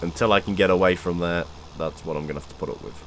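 A man's voice: sits low, fast talker, slight background noise, rough recording. A young man chatting casually with friends over voice chat, rambling and swearing freely. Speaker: gamer hosting voice chat.

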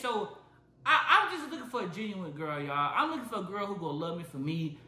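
A man's voice: sits high, big pitch swings, fairly quick, sharp tone, echoey room, faint music behind. A young man, vlogging on his phone and telling a dramatic, mock-serious story to his viewers. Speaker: YouTuber. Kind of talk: joking prank vlog.

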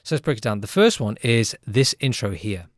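A man who produces music gives a casual, upbeat tutorial in a chatty way, often tagging lines with a quick question. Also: lowish voice, expressive.

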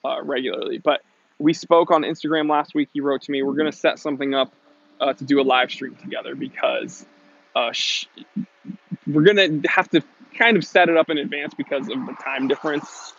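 A man's voice: a little high, fairly even intonation, fairly quick, creaky, a bit bright, a little hiss or hum. A man who runs a watch shop, hosting a live stream and chatting through viewer comments in a rambling, casual way. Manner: rambling, restarts and fillers, answers chat questions. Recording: dry, dull lo-fi stream audio.

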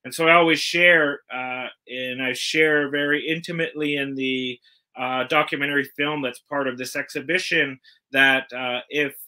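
A man from Canada giving an earnest, measured curator's talk, often pausing on "uh". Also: mid-range voice, steady tone, sharp tone. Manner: earnest, measured, frequent "uh" fillers. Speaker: guest curator.

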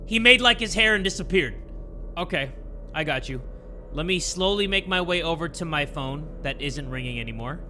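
A young man playing a horror game and commentating, joking, swearing and yelling when startled. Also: a little high, normal speed, slight background noise. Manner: excitable, joking, profane, yells when startled. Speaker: gaming video host. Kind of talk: let's play commentary.

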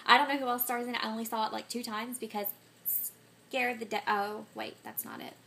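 A woman's voice: on the high side, steady tone, brisk, gravelly, pushed and bright. A woman vlogging casually to camera, scatterbrained and full of ums and self-corrections, getting sick and coughing. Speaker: vlogger answering a movie tag.

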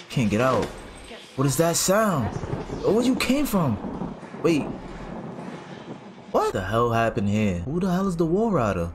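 Over game music, a man with a mid-range voice narrates a horror game he's streaming, and some background noise comes through. His let's play commentary is full of panicked reactions and casual slang.

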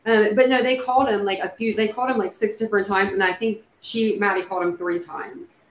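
A woman hosting a casual livestream, thinking out loud with many fillers and restarts. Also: mid-range voice, fairly even intonation, fairly quick. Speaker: true crime livestream host. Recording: echoey room with faint background noise.

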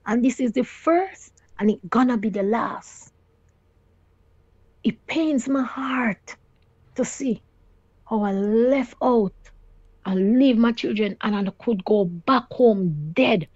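A middle-aged Jamaican woman pours out her story in patois, animated and full of exclamations as she quotes what others said. The sound is dry and a little dull. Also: a little high, slow pace, pauses often, dry recording. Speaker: caller sharing her story.

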